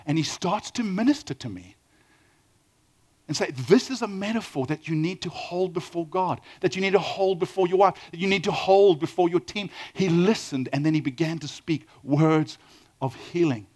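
A middle-aged man with a South African accent, preaching a sermon with lively storytelling and questions to the audience. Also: high voice, moderate pace, slightly rough. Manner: animated storytelling, asks the audience questions, acts out quoted dialogue. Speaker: pastor.

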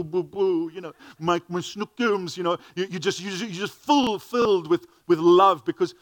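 A man's voice: a little high, no room sound. A middle-aged man preaching a sermon, earnest, often repeating words as he starts a phrase.

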